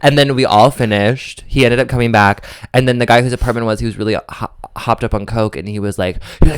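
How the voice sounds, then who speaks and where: A young man co-hosting a podcast, telling a long story in a campy, animated way and often acting out quoted voices. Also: medium pitch, fast, few pauses, clear, resonant tone, no room sound, clean studio sound. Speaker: podcast co-host. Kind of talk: casual chat, storytelling.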